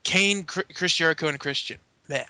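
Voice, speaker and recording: A man's voice: on the high side, normal speed, pushed and bright, no room sound. A man hosting a wrestling podcast, recapping in a rambling casual way with plenty of filler, over a call. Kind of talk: casual chat. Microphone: remote call mic.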